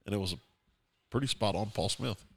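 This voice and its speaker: A man's voice: lowish voice, a little fast, vocal fry, fairly bright tone, breathy edge. A man co-hosting a casual radio show, telling joking stories and chuckling along. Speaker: co-host.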